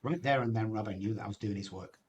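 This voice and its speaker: A man's voice: on the low side, fast, a little mellow. A man, telling his recovery story as a guest in an emphatic, personal way, often ending phrases with "man". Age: 60s.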